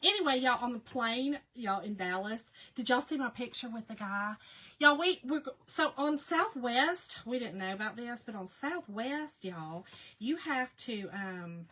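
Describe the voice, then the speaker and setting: Chatty woman, bright voice. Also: on the high side, animated, a little slow. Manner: chatty, laughing, talks to viewers by name. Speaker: craft livestream host. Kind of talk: casual live crafting chat.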